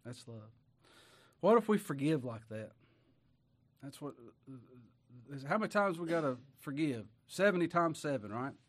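A man's voice: on the high side, expressive, a little slow, pauses often. A middle-aged man preaching a sermon in a folksy way, firing rhetorical questions at his congregation.

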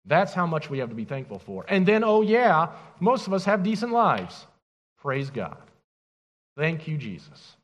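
Emphatic pastor, male, high and very animated voice, preaching in a church. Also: measured pace, long reverb tail, dull audio. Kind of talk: sermon.

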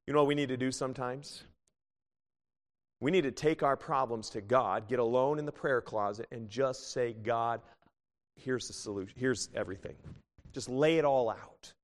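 A man in his thirties preaching a sermon as pastor, swinging between fervent, rising bursts and hushed, tender pleas. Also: mid-range voice, moderate pace. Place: church sanctuary. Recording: long church reverb.

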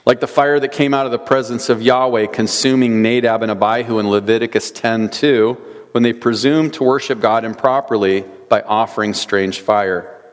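A man's voice: medium pitch, steady tone, moderate pace. A man preaching an earnest sermon, reading scripture aloud and asking rhetorical questions. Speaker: pastor. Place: church sanctuary. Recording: long church hall reverb.

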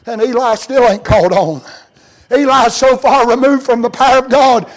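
High-voiced preacher man. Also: moderate pace, rough recording. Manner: dramatic, swings between loud cries and hushed near-whispers. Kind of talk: sermon storytelling.

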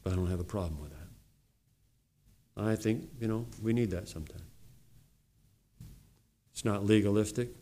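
Man preaching with loud, animated swings. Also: normal speed, pauses often. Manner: animated preaching, swinging from loud emphasis to low mocking asides. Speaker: pastor. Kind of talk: sermon. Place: church.

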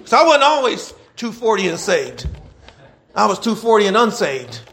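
High-voiced gravelly preacher man. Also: normal speed. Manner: animated preaching, rhetorical questions, call and response; folksy dialect, laughs between points. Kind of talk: sermon.

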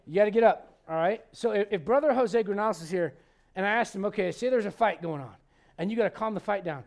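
A man's voice: sits high, quick pace, gravelly. A man in his forties preaching a sermon, acting out Bible characters with humor. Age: 40s. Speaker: pastor.

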